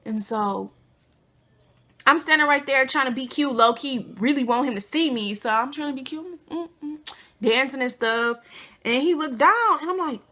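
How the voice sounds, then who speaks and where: A young woman tells a story to her viewers in a loose, animated way, full of fillers and asides. Her voice is bright and a little high-pitched. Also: normal speed. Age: young adult. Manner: chatty, animated, many fillers. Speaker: vlogger. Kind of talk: casual storytelling.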